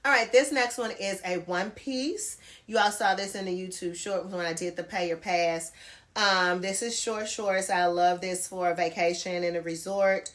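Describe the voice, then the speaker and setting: A woman's voice: on the low side, fairly even intonation, normal speed, fairly bright tone. Chatty woman doing a haul. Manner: chatty, addresses viewers as girl and y'all. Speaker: fashion vlogger. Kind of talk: casual try-on haul chat. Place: home bedroom near a closet.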